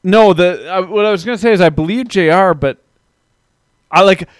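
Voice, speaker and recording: Hosting a casual podcast chat, a man talks loosely and self-deprecatingly and reads listener comments aloud. His high voice is clear and resonant at a normal pace, with clean studio sound and no echo.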